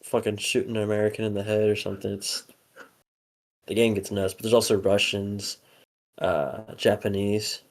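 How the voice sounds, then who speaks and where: Young guy on a podcast, kinda low voice, swears a lot, lots of uh and like. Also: level tone, moderate pace. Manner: swears often, rambling with many fillers. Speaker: podcast co-host. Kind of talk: casual podcast chat.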